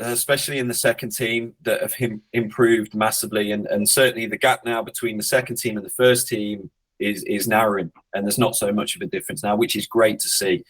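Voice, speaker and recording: Rugby coach guy chatting on a podcast, lowish voice, thinks out loud, restarts a lot. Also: steady tone, moderate pace, poor audio. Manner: reflective, hesitant restarts, blunt swearing when joking. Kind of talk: casual podcast interview.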